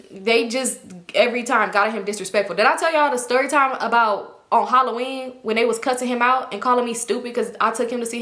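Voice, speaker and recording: A young woman telling a casual storytime, animated and profane. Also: medium pitch. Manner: animated, profane, acts out quotes in raised voices. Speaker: storytime host. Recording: echoey room.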